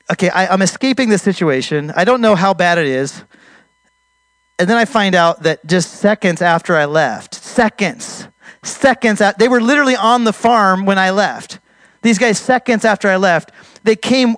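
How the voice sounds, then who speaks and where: A man telling a missionary testimony story in an animated way, restarting his sentences and raising his voice at the tense moments. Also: high voice, dry recording.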